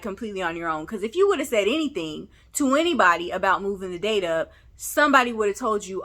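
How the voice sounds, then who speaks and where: A Southern woman from Memphis, casually recapping a TV episode as if talking with a friend. Her voice is bright and a little forceful, and she sits right in the middle of the usual pitch range for a woman. She is sassy, animated and talks straight to the camera. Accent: Southern American. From Memphis, Tennessee. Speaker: TV recap vlogger.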